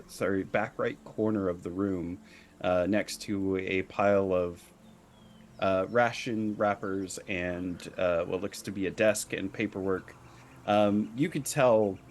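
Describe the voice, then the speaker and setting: Low-voiced man narrating as game master. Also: a little mellow, slight background noise. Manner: halting, lots of fillers and restarts while describing scenes.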